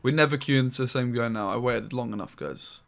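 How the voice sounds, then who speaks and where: A man giving casual gameplay commentary on a stream, swearing freely and quick to get frustrated. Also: medium pitch, vocal fry, a bit bright, soft background music.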